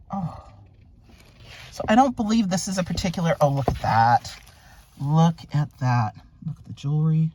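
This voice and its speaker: A woman's voice: lowish voice, a little mellow, a little hiss or hum. A woman vlogger unboxing luxury items in a casual, gushing way, thinking aloud and exclaiming over what she finds.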